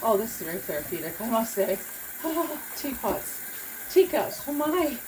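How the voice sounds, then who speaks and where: A middle-aged woman talks through her cleaning in a chatty, encouraging way, breaking into laughter often. Her voice sits a little on the high side. Loud clatter of dishes, pans and running water fills the background. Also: sing-song, normal speed, noisy background. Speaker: cleaning vlogger. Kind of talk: casual chat while cleaning. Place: home kitchen at the sink. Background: clattering dishes, pots and running water.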